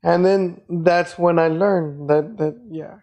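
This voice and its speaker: A man's voice: a little high, fairly even intonation, slow, a little mellow. A man hosting a podcast, telling loose, rambling anecdotes in casual chat with plenty of profanity. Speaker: podcast host.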